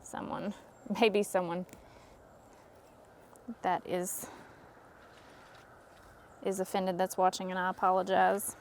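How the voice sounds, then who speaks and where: A woman's voice: fairly low pitch, level tone, slow pace, long pauses, a little hiss or hum. A woman chatting casually while she makes a flower arrangement at home, with a jokey, self-deprecating manner. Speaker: craft vlogger. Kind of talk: casual how-to narration. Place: home indoors.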